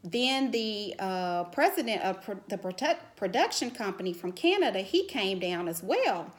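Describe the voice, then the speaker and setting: A woman's voice: medium pitch, moderate pace. Chatty woman vlogger, emotional storytelling. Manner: animated, emotional, lots of "you know" fillers. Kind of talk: casual storytelling to camera.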